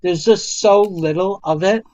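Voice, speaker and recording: A man's voice: sits high, a little slow, a little mellow, muffled recording. A young man co-hosting a casual chat, rambling with lots of fillers and laughing often. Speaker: co-host. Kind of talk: casual chat about movies.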